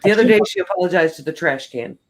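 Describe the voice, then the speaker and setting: A man joins a casual interview as a guest. His voice sits fairly high, and he jokes and teases with a light touch. He keeps the talk loose and conversational. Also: animated, fast talker.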